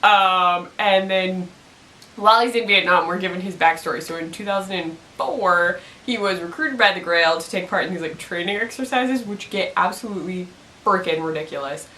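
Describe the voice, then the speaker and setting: A woman's voice: fairly low pitch, normal speed, bright, forceful tone. A young woman casually recapping a TV episode, chatty and giggly, filling her talk with "like". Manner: chatty, giggly, many "like" fillers. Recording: echoey room, mic at a distance.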